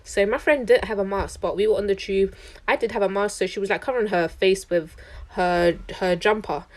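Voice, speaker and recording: A young woman tells a travel story straight to camera. She sounds chatty and indignant, and her sentences are full of "like". Her pitch sits in the middle range. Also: steady tone, brisk, darkish tone. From London, England. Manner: chatty, indignant, heavy use of "like". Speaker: traveller recounting a trip.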